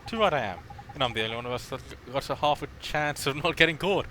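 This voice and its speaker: A mouthy fairy sidekick, read aloud by a man in a playful, slightly raised voice. A clear hiss of background noise sits under the recording. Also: medium pitch, expressive, quick pace, bright, forceful tone. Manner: reading game dialogue in a slightly raised, playful voice.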